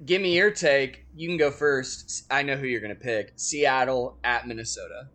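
A man's voice: mid-range voice, moderate pace, a bit bright. A young man co-hosting a casual sports chat, teasing and swearing freely as he makes his picks. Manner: profane, wry and teasing. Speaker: podcast co-host making picks.

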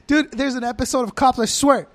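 A man with a very high voice for a man, chatting on a podcast. He jokes crudely and trips over his words, cutting himself off and starting again. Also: fairly even intonation, brisk, fairly bright tone. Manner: joking, crude, restarts a lot. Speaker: podcast co-host. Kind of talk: casual chat.

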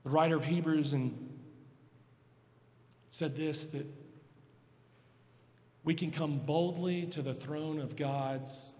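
A male pastor preaching a sermon, moving from hushed pleading to loud, emphatic passages. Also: on the high side, steady tone, takes it slowly, pauses often. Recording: long hall reverb.

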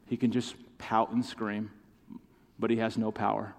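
A man's voice: fairly low pitch, little pitch movement, unhurried, vocal fry. A man preaching a sermon as pastor, passionate and direct, calling out to his congregation for responses. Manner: impassioned preaching with call-and-response. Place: church sanctuary. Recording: long hall reverb.

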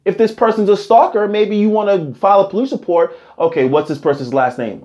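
A man hosting a podcast in a casual comedic monologue, animated and rambling, his voice swinging high and low. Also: a little fast, hardly any pauses, dull audio. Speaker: podcast host.

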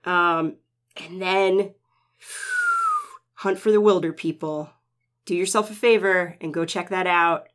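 A man co-hosting a casual movie podcast, relaxed and enthusiastic. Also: sits high, takes it slowly, pauses often. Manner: laid-back, enthusiastic about films. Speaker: podcast co-host.

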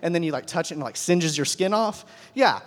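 A man's voice: fairly high pitch, animated, fairly quick. A man giving a casual, conversational Bible lesson to a group, often checking in with his listeners. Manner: conversational, keeps asking "right?". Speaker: Bible teacher. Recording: long hall reverb.

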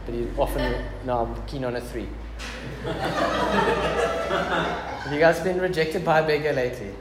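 A man's voice: mid-range voice, normal speed. A man preaching a casual, joking sermon in a church hall. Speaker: pastor. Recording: echoey church hall with background noise.

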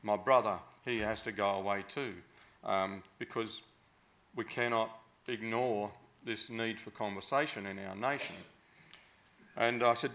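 A man's voice: fairly low pitch, moderate pace, fairly bright tone. An Australian man telling a long, casual anecdote, rambling and hesitant with many fillers.

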